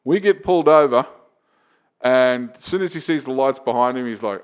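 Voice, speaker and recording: A man, a comedian chatting on a podcast and telling lively, profane anecdotes. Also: mid-range voice, normal speed, clean tone. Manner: animated, profane anecdotes with acted-out quotes. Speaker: comedian and open mic host. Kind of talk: casual podcast storytelling.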